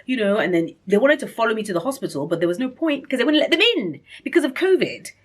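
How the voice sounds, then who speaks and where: Husky-voiced woman telling a story. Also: quick pace. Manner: animated, acts out reported speech with big pitch jumps; chatty, rambling, many fillers and restarts. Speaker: vlogger. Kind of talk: casual personal storytelling.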